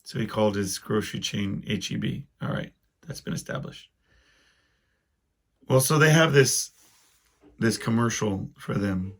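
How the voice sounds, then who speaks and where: Gravelly man rambling on a podcast. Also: fairly low pitch, animated, measured pace, pauses often. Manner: rambling, self-deprecating, wry complaints. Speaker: podcast host. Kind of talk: casual solo monologue.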